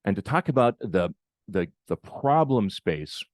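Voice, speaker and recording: Low-voiced American man giving a keynote. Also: big pitch swings, no room sound, clean studio sound. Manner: halting, repeats words often. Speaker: keynote speaker. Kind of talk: conference keynote talk.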